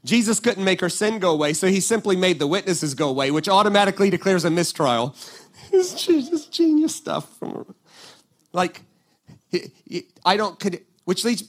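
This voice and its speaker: Delivering a sermon, a pastor with a fairly high-pitched voice recounts a Bible story, acting out quotes with energy. He often turns to the congregation with asides of "right?"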